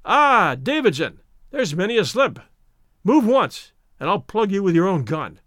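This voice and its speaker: A man's voice: high voice, sing-song, measured pace, a bit bright, no room sound, studio quality, heavily acted. A man voicing a jovial, boisterous Irish fighter who teases his foes, read aloud as part of a story. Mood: jovial, teasing. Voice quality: boisterous, mocking.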